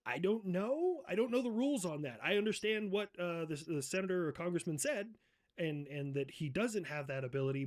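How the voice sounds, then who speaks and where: A man with a slightly raised pitch, hosting a satirical comedy role-play. He jabs at the others with profane mockery and sudden shouted outbursts. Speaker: host.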